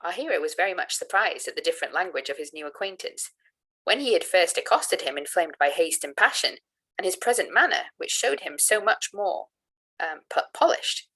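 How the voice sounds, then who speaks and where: A woman with a somewhat low voice reads an old gothic novel aloud. Her delivery is careful and steady, and she stumbles on a word now and then before correcting it. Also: moderate pace, slightly rough. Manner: careful reading with small slips and self-corrections. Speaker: reader of a novel.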